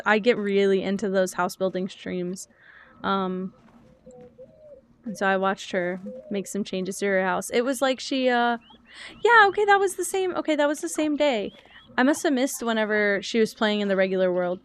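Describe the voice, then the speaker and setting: A woman's voice: medium pitch, clear, resonant tone. A young woman chatting casually while streaming a cozy game, rambling, thinking aloud and answering chat.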